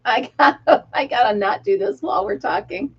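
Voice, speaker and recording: Chatting casually while she crochets, this middle-aged livestream host laughs a lot and counts her stitches out loud, a tickle catching in her throat. Her voice is high, sing-song, creaky and husky, moving at a moderate pace, and the recording sounds muffled.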